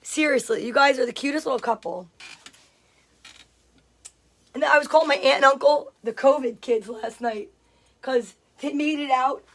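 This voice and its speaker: A woman's voice: high voice, normal speed, long pauses. A woman chatting casually on a livestream, greeting viewers by name and reading out their comments. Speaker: livestream host.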